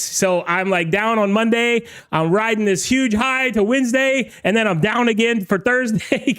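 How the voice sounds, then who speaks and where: An excited man hosts a live online show, shouting greetings to his viewers. His voice sits high and comes across smooth and clear. He rambles and stumbles over his words in his eagerness. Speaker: livestream show host and DJ. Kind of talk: energetic livestream hosting.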